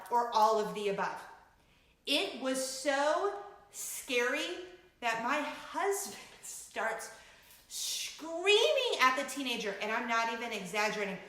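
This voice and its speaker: A woman in her forties hosting a casual vlog, telling a story in an animated, dramatic way and laughing often. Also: sits high. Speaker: vlogger host. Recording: very echoey room.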